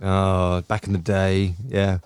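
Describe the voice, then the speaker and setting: A man's voice: low voice, monotone, takes it slowly, a little mellow, clean tone, dry recording. A man co-hosting a podcast from home, chatting playfully and laughing easily. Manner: playful, laughs easily, tries out comic accents. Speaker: podcast co-host. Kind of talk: casual chat.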